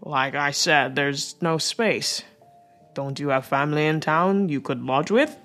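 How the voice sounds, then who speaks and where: A woman's voice: low voice, unhurried, a bit bright, faint music behind. A woman voicing a weary, curt innkeeper. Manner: tired, curt. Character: weary middle-aged male innkeeper. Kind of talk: audiobook reading.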